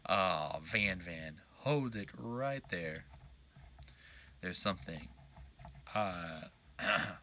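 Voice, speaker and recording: A man's voice: low-pitched, animated, drawn-out words, long pauses, pushed and bright, slight background noise. A man streaming a game live, reading its text aloud in a joking, playful way.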